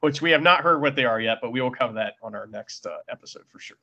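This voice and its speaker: A man's voice: medium pitch, quick pace, sharp tone, muffled recording. A man co-hosting a casual wrestling podcast, chatty and recapping matches with acted-out asides. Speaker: podcast co-host.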